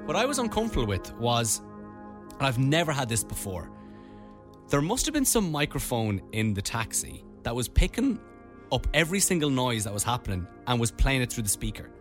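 A man's voice: mid-range voice, fairly quick. A man co-hosts a radio show and chats casually with his partner. His voice rises and falls as he tells a story. Faint music plays under the talk. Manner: animated storytelling, mimics voices. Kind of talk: casual chat.

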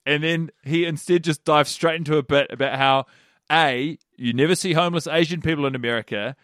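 Podcast dude rambling with loads of likes, dry close mic. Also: male voice, fairly high pitch, fairly even intonation, a little fast, a bit bright, no echo. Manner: rambling, lots of filler likes. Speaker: podcast co-host. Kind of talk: casual comedy review chat.

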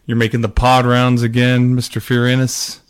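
Easygoing podcast host, dude-talk. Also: male voice, medium pitch, completely flat delivery, normal speed, clean tone, dry recording, studio quality. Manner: easygoing, filler-heavy, laughs often. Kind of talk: casual chat.

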